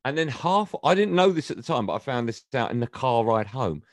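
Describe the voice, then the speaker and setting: A middle-aged English man chatting on a podcast, telling stories with a teasing, animated manner. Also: mid-range voice, a little fast, dry recording, clean studio sound. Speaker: guest. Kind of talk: casual podcast chat.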